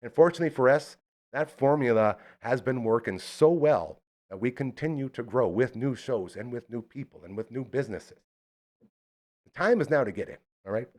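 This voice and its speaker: A man's voice: mid-range voice, expressive, moderate pace, a little mellow. A man hosting a live local podcast, chatting casually and launching into hyped ad reads. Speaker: podcast host. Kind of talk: casual live-stream chat.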